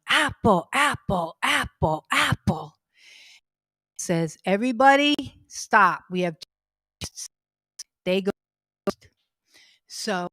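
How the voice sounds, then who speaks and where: A woman's voice: on the low side, a bit bright, no echo. A middle-aged woman telling casual comic anecdotes about her family at a fundraising stream, chatty and laughing through her own stories.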